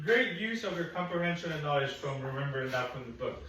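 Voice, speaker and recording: A patient, encouraging man leads a one-on-one phonics lesson, drawing out each sound slowly. His voice sits a little high, heard from a distance in a very echoey classroom with a faint hiss behind it. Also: animated. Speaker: phonics teacher. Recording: echoey room, mic at a distance.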